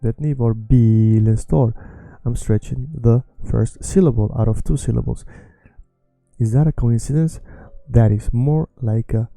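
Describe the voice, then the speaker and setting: Gravelly Swedish-accented man teaching language. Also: medium pitch, mellow, dry recording, soft background music. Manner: patient, repeats words slowly to drill pronunciation. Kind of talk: language lesson.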